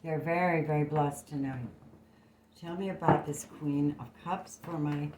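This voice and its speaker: Woman tarot reader, low voice, blunt, swears a lot, phone mic, echoey room. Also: fairly even intonation, normal speed, very noisy. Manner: blunt and emphatic, swears freely. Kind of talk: casual tarot reading to camera.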